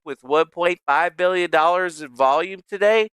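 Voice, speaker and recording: A man's voice: high-pitched, moderate pace, hardly any pauses, fairly bright tone, smooth, no room sound. A man hosting a casual livestream from home, rambling and joking with a lot of swearing. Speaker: livestream host. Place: home streaming setup.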